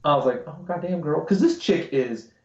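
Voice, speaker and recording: A man's voice: on the high side, animated, moderate pace. A man co-hosting a podcast, swearing freely as he tells stories in casual chat. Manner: crude, swearing storyteller. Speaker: podcast co-host. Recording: dull, roomy live-stream audio.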